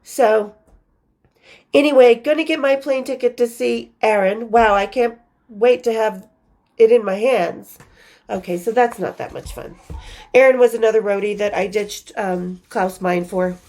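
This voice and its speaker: A woman's voice: a little high, a little slow, a little mellow. A woman hosting her own show, reading from her old journals in a candid, profane, casual storytelling manner with laughing asides. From western United States.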